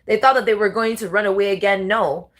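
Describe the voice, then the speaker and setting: A woman's voice: mid-range voice, steady tone, fast talker, fairly bright tone. A young woman ranting heatedly and profanely in a monologue, repeating herself and restarting sentences. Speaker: spiritual video creator.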